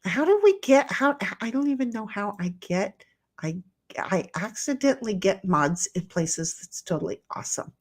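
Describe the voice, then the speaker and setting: A woman's voice: medium pitch, big pitch swings, normal speed. A woman hosting a casual livestream, reading chat messages aloud in playful voices and rambling with many restarts while she paints.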